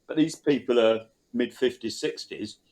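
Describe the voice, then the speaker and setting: A man's voice: mid-range voice, normal speed, a little mellow, rough recording. A man in a casual interview, telling a rambling story and quoting the people involved.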